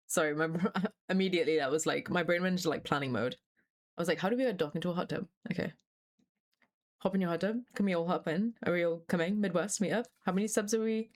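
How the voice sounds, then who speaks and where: A woman's voice: lowish voice, brisk, pauses often. Chatty young woman streamer. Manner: chatty and scattered, swears freely, laughs often. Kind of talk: casual live-stream chat.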